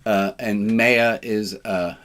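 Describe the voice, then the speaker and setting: A man leading a relaxed, informal service, joking and self-deprecating, with sarcastic asides. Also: lowish voice, takes it slowly.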